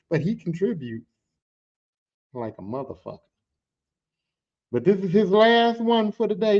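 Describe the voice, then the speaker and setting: Animated, profane man hosting a podcast. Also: sits high, muffled recording. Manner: animated, profane, joking storyteller. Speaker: podcast host. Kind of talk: casual podcast monologue. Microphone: podcast microphone.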